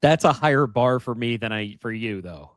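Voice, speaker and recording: A man's voice: mid-range voice, expressive, normal speed, dry recording. A man co-hosting a casual podcast who chimes in with short, dry quips. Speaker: podcast co-host.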